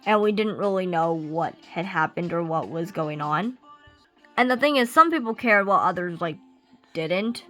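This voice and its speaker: Woman vlogger, bright lively voice, chatty rant over faint background music. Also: lowish voice, moderate pace, poor audio. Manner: animated, ranting, many fillers. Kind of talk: casual rant while doing makeup. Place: at home getting ready. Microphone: camera she sets up herself.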